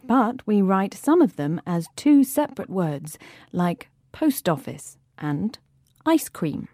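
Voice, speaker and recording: A woman's voice: medium pitch, big pitch swings, slow pace, dark tone, no room sound, studio quality. A young woman co-hosting a radio lesson, explaining grammar in a cheerful, playful way. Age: young adult. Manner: cheerful, playful banter with co-host. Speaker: co-host of a radio English vocabulary lesson. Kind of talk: scripted teaching presentation.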